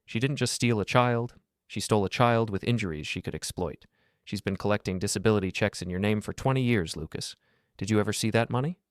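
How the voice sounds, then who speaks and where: A man's voice: on the low side, fairly quick, no echo, studio quality, natural voice. A man voicing a cold, calculating male investigator who speaks in a clipped manner.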